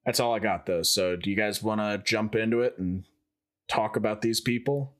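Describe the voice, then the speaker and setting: A man with a lower voice co-hosts a podcast, talking in a chatty, joking way. He rambles along with plenty of fillers in relaxed, casual chat. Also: normal speed. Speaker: podcast co-host.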